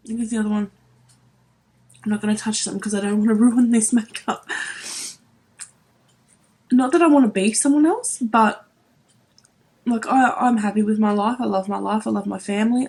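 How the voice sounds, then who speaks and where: A woman's voice: fairly high pitch, a little mellow, husky. A woman in her thirties vlogging about makeup, emotional and close to tears, speaking earnestly with many fillers. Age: 30s. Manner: emotional, voice wavering near tears; earnest, repeats herself, many "like"s. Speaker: beauty vlogger. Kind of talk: emotional vlog to camera.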